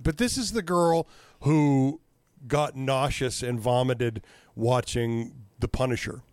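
A man chatting casually, telling animated stories, swearing freely and acting out what people said. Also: mid-range voice, slow, clean tone, no room sound. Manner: animated storyteller, swears freely, acts out quotes. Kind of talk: casual chat.

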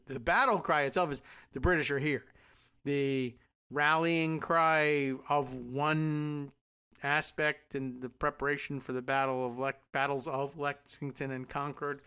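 Middle-aged guy doing political commentary, bright crisp voice, dry sarcastic asides. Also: a little high, fairly even intonation, measured pace. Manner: sarcastic, wry asides while reading. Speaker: podcast host. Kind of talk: political commentary, reading news aloud.

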